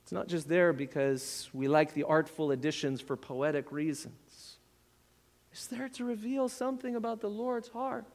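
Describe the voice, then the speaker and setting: A man's voice: on the high side, moderate pace, darkish tone, long reverb tail. A man preaching a sermon as pastor, earnest and building to impassioned appeals, at times dropping almost to a whisper.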